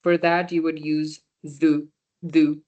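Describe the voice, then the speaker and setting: A woman's voice: low-pitched, level tone, takes it slowly, a little mellow, lo-fi sound. A woman running a casual online beginner class, chatting with students, answering their chat messages and correcting herself as she goes. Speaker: volunteer French workshop teacher.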